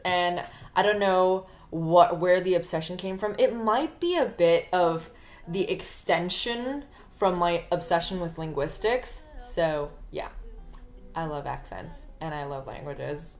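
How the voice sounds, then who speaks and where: A woman, a singer-songwriter, chatting casually to camera in a rambling, chatty way. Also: lowish voice.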